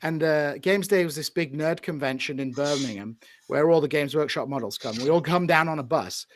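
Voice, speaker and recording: A man's voice: a little high, brisk, no room sound. An English man co-hosting a podcast, telling jokey anecdotes in casual chat. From England. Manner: jokey, plays with accents. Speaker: podcast co-host.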